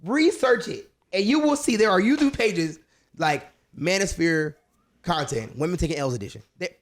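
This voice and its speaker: A man talks bluntly and provocatively while co-hosting a casual podcast. His voice sits a little high and moves around a lot. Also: expressive, moderate pace. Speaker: podcast co-host. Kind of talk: casual chat.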